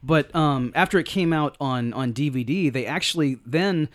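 Male podcast co-host, slightly higher voice, halting with restarts, casual review chat. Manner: halting, many restarts and repeated words.

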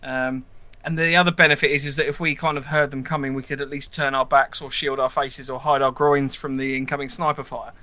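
A man's voice: mid-range voice, brisk, few pauses. A man co-hosting a podcast, chatting casually and telling stories against himself. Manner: animated, self-mocking storyteller. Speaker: podcast co-host. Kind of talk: casual chat.

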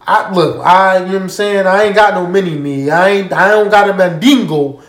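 A man casually telling a story straight to his listeners, animated and profane, often checking that they follow him. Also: high-pitched, moderate pace. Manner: animated, profane, keeps asking listeners to agree. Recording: roomy echo.

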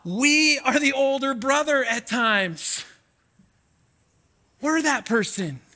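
A man in his forties preaching a sermon as pastor, animated and acting out pleading prayers to God. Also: very high voice, slow. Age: 40s. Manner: animated, acts out prayers to God with rising intensity. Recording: long hall reverb.

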